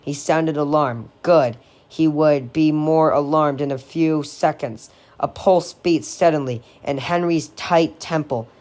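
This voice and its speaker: A woman reading a horror novel aloud in a measured, steady way. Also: low-pitched. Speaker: audiobook reader.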